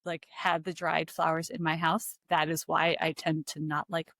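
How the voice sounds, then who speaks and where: A woman's voice: deep voice, moderate pace, no echo, clean studio sound. A woman from Philadelphia with a Philadelphia accent, co-hosting a casual chat about cocktails. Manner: chatty and animated, filler-heavy. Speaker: podcast co-host.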